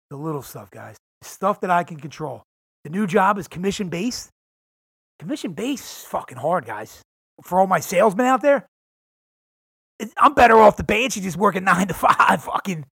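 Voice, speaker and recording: A man's voice: high voice, fairly bright tone, no echo, studio quality. A man talking alone on his podcast, hyped and profane, calling his listeners "guys" again and again. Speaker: podcast host. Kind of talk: casual solo podcast monologue. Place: home in San Diego.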